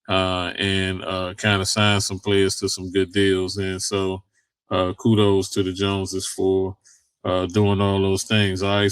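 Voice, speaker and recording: A man with a low, fairly flat voice talks football in a loose, rambling way, full of ums and uhs and everyday slang. The sound is dry and close, with no room around it. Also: dry recording. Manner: loose and conversational, many fillers, Southern US vernacular. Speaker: sports podcast host. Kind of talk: casual sports talk.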